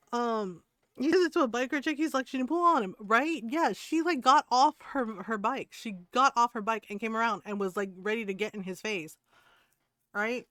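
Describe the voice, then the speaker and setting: A woman's voice: a little high, moderate pace, fairly bright tone, clean tone, no room sound, clean studio sound. A woman streamer ranting to her chat in a heated, profane way, laughing between points. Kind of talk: casual rant to stream chat.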